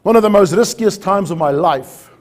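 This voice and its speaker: A man's voice: high-pitched, moderate pace. A man giving a storytelling keynote talk on safety, acting out dialogue with animation. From South Africa.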